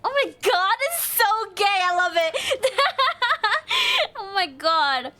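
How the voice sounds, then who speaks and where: A woman's voice: very high-pitched, lively intonation, measured pace, bright, forceful tone. A woman streamer chatting casually and gushing with giggly reactions. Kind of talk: casual live-stream chat.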